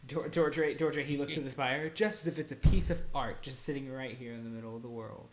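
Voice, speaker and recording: A man's voice: mid-range voice, fairly even intonation, fairly quick, background noise. Joking, rambling man on a live stream. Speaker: player. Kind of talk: casual chat on a live stream.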